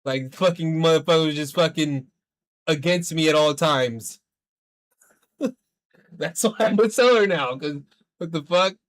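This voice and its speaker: A man with a notably high voice chats with viewers while he plays a game. His talk is rambling and loose, heavy with swearing as he vents. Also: unhurried, pauses often. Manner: profane, rambling, animated venting. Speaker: streamer. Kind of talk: casual livestream chat while gaming.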